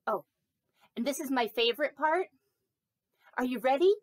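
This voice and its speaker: A woman's voice: high voice, expressive, moderate pace, no echo. A woman voicing a vain, chatty, silly snake puppet in a children's sermon, talking playfully with rambling asides. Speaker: pastor.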